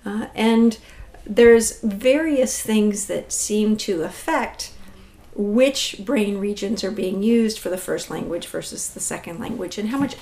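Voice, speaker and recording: A woman speaking as a language expert, explaining clearly and patiently in an interview. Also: mid-range voice, darkish tone.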